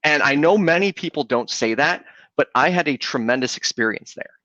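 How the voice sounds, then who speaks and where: A man's voice: a little high, lively intonation, fairly quick, bright, forceful tone, no echo, highs cut off. Earnest young man telling his story. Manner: earnest storytelling, frequent restarts. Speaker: podcast host. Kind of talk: casual conversation.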